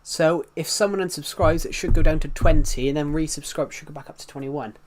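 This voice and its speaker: A man's voice: fairly high pitch, fairly quick. A man chatting casually on a live stream, greeting viewers and rambling as he reacts to the chat in front of a desktop mic.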